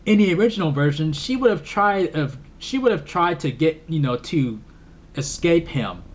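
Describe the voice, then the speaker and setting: A man's voice: a little high, lively intonation, normal speed. Rambling man reviewing a movie. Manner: rambling, repeats words, laughs often. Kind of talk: casual film review vlog.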